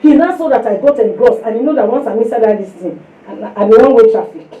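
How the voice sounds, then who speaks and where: A woman preaching a sermon to a women's fellowship, telling a personal testimony in an animated way and acting out the voices of the people in it. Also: on the high side, fast talker, narrow, tinny audio. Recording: echoey room, distant mic.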